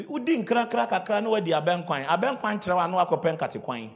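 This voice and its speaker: A middle-aged man with a Ghanaian accent preaching a sermon, swinging from shouts to quiet storytelling and laughing as he goes. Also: high-pitched, lively intonation, a little fast. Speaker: pastor.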